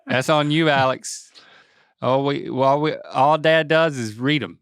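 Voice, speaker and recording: A middle-aged man, hosting a casual podcast with lively, laughing, mock-exasperated reactions. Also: medium pitch, unhurried, clear, resonant tone, dry recording, clean studio sound. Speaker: podcast host.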